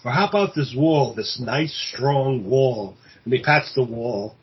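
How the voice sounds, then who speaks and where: Podcast co-host, male, husky voice, halting casual plot recap, dull lo-fi sound. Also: mid-range voice. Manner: halting, many fillers and restarts, acts out quoted lines. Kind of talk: casual chat retelling a film plot.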